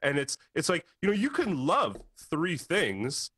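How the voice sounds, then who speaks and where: A man's voice: fairly high pitch, huge pitch swings, measured pace, a bit bright, husky, no room sound, studio quality. A man co-hosting a podcast in casual chat, ranting passionately. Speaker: podcast co-host.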